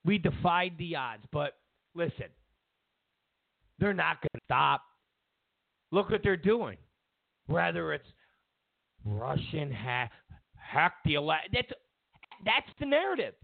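A man delivers opinionated political commentary in a sarcastic, needling way and hammers his points by repeating them. His voice sits high and swings widely, with a gravelly fry in it. The sound is dry and thin, like a phone line. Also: big pitch swings, slow pace, long pauses, dry recording. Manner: sarcastic, mocks media with exaggerated quotes; repeats himself for emphasis. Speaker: political talk show host.

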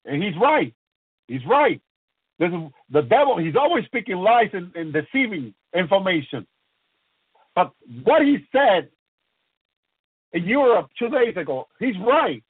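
A man delivers an impassioned sermon in a high, fervent voice, halting and repeating prayerful refrains. The sound is tinny and narrow, like a phone line, with a dry, close feel. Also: very animated, husky, no echo. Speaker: preacher.

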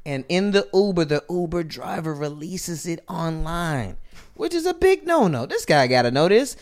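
A man co-hosting a comedic sports talk podcast, an animated storyteller who laughs through his own jokes. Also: on the high side, normal speed. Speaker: podcast co-host. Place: live recording event.

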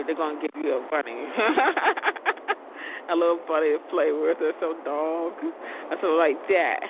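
Woman host, rambling solo monologue, stumbles and repeats herself, phone-quality sound with loud noise behind. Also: lowish voice. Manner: rambling, repeats words and restarts often. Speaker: show host. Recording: tinny phone-like audio with loud background noise.

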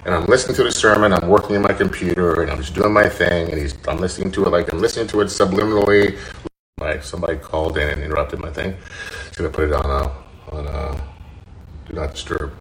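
Deep gravelly man telling a personal story. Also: steady tone, slight background noise, poor audio. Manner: earnest, halting, repeats words while recounting. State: choked up, tearful. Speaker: podcast host.

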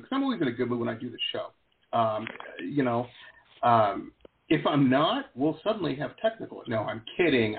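A man's voice: medium pitch, slight background noise. A middle-aged man hosting an interview, chatting casually and joking, often acting out the voices of others. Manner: animated, joking, acts out quoted voices. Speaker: host. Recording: tinny phone-like call audio.

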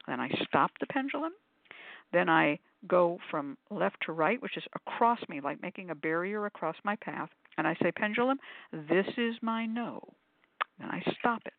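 A woman's voice: lively intonation, moderate pace, gravelly, no echo. An older woman talks her listeners through a hands-on demonstration, chatty and full of little ums. She now and then slips into quoted voices. The sound is narrow and phone-like, with a dry, close feel. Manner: chatty, demonstrates while explaining, many ums; acts out quoted voices with sudden pitch jumps. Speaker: host of call-in spiritual show. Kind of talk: casual panel discussion.

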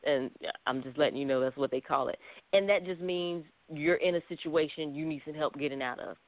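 A man's voice: a little high, a little fast, dry recording. A man counseling as a radio guest, talking bluntly and straight, often laughing. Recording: dry tinny phone-like line.

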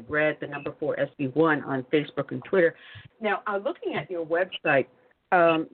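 A host asking a candidate structured questions in a phone-in interview. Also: medium pitch. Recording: phone line.

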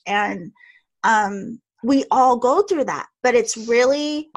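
A woman's voice: fairly high pitch, moderate pace. Woman podcast host, reflective chat. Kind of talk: casual chat.

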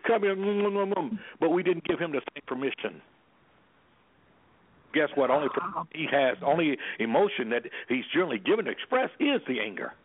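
A man's voice: fairly high pitch, very animated, a little fast, slightly rough. A man speaking as an anger management specialist on a radio talk show, talking emphatically in a preacher-like way. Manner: emphatic, preacher-like, repeats "guess what". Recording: phone-line radio sound.

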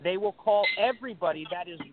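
A man's voice: high voice, fast talker. A man on a talk show call, speaking bluntly and with emphasis. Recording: noisy phone line.

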